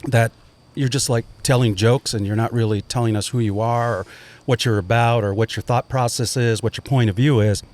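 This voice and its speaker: A man's voice: mid-range voice, fairly even intonation, fairly quick, darkish tone. A man who teaches comedy, talking candidly and reflectively in casual conversation, often restarting his sentences. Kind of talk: casual chat.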